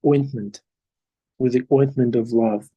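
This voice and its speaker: A man leading a devotional scripture class over a video call, talking in a halting way with many pauses. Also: medium pitch, steady tone, muffled recording. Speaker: class leader.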